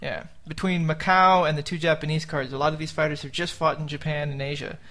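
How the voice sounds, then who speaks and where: A man with a fairly high voice co-hosting a sports podcast. He talks in quick, casual banter and drops the odd dry joke. The tone is relaxed and conversational. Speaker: podcast co-host.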